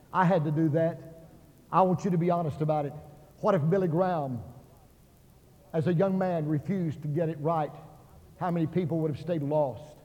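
This man from Oklahoma has a fairly high-pitched voice as he delivers a revival sermon as an evangelist in a big auditorium. Passionate throughout, he performs the characters in his stories and builds almost to shouting, captured as dull audio with a long reverberant tail.

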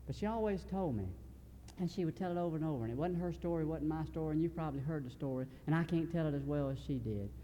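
Guy preaching, folksy and earnest, kinda high voice, big echoey hall with a low rumble. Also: dark tone. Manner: folksy, earnest, halting restarts. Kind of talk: sermon storytelling.

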